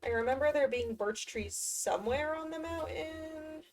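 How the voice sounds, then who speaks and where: A woman's voice: high-pitched, moderate pace, far from the mic. A woman streamer talking to herself during a game, swearing often and easily exasperated. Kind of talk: casual gameplay commentary.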